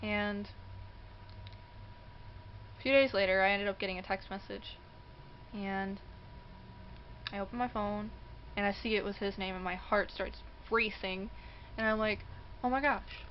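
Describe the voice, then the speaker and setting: Animated young woman telling a story. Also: mid-range voice, a little slow, long pauses, muffled recording, slight background noise. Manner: animated, acts out quoted voices, laughs often. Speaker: vlogger. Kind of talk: casual storytelling. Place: indoors near a passing train.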